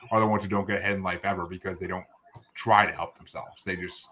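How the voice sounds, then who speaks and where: Guy hosting a podcast, keeps interrupting himself, bright sharp tone. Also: low voice, level tone, quick pace. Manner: rambling, sarcastic asides, self-interrupting. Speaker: podcast host. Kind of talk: casual interview chat.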